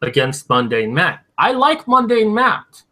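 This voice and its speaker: A man's voice: sits high, sing-song, measured pace, pushed and bright. A man co-hosting a casual talk show, arguing his points and explaining them at length. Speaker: co-host. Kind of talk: casual podcast chat.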